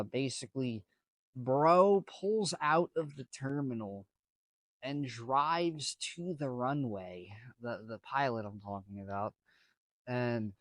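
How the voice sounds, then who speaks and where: Man, casual storytime, rambling, slow-talking, dry close sound. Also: medium pitch, dry recording. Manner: rambling, full of slang and restarts. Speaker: vlogger.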